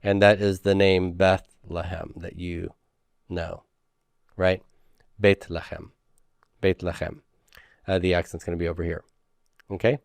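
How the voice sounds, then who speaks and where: A man's voice: deep voice, little pitch movement, moderate pace, vocal fry, pauses often, clean tone, no room sound. A man teaching a Hebrew grammar lecture, patiently repeating words and checking in with "okay?".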